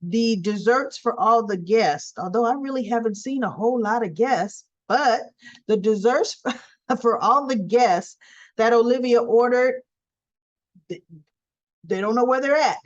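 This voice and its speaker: A woman's voice: a little high, unhurried. A woman recapping a soap opera episode in a chatty, rambling way full of fillers and asides. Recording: dull lo-fi sound.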